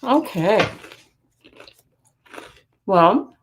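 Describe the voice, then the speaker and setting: A woman's voice: medium pitch, lively intonation, extremely slow, a little hiss or hum. A middle-aged woman hosting a psychic live stream, chatting casually and greeting viewers by name. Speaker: psychic livestream host.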